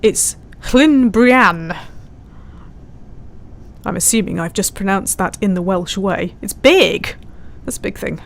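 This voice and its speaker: While playing a flight simulator on stream, a woman chats casually, giggling frequently and reading her viewers' chat aloud. Her mid-range voice is creaky, her pace moderate, and she hardly pauses.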